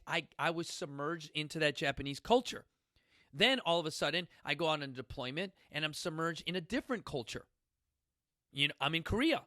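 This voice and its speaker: Bright-voiced man rambling and joking. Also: a little high, dry recording, clean studio sound. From Chicago, United States. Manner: rambling, joking, blunt and profane. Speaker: host. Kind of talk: casual motivational talk.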